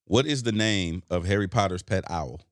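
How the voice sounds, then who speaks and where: A man hosting a podcast, casual and playful, teasing his guest with loud laughs. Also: deep voice, animated, normal speed, no echo, studio quality. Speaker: podcast host. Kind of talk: casual interview chat.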